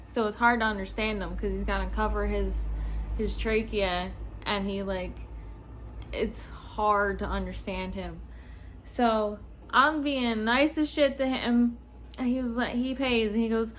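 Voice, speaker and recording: A young woman telling a casual storytime rant about work, swearing freely, laughing and acting out customers in loud voices. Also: fairly high pitch, measured pace. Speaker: vlogger.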